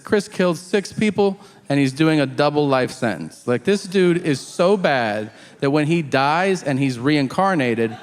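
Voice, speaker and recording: Animated stand-up comedian in a club. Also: male voice, fairly high pitch, big-room sound, a little hiss or hum. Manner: animated, laughing storytelling.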